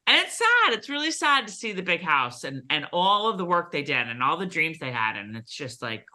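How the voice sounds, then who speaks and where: Chatty woman co-host, low voice. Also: big pitch swings, a little fast, sharp tone. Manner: chatty, many fillers and restarts. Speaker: podcast co-host. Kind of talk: casual recap chat.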